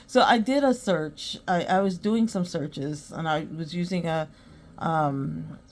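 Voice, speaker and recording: A woman's voice: low-pitched, slight background noise. A woman hosting a podcast, chatting casually and acting out both sides of her conversations, then giving earnest advice. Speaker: podcast host. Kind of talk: casual storytelling monologue.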